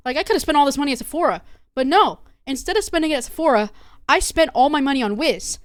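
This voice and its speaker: Streamer girl doing an angry girl ranting and cussing, loud, kinda high. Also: expressive, quick pace, dry recording. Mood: furious. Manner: loud, exasperated, swearing. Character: furious young woman ranting about a game outage.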